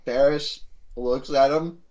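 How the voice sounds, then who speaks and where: A man's voice: mid-range voice, fairly even intonation, takes it slowly, a little mellow, low-quality recording. A man playing a tabletop game, hesitantly describing his character's gestures. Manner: hesitant, with many fillers and hums. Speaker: player. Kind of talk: casual tabletop play.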